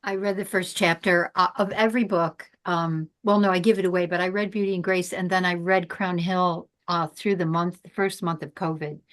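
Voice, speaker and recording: A woman's voice: fairly low pitch, steady tone, normal speed, hardly any pauses, fairly bright tone. A woman hosting a casual video-call podcast, telling anecdotes and laughing at her own stories. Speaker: host and author.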